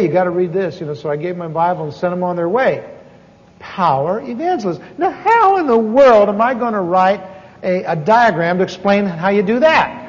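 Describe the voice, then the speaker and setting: A man telling a story in a sermon, folksy and self-deprecating, with many asides and restarts. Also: sits high. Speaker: preacher teaching on evangelism. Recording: dull sound with long hall reverb.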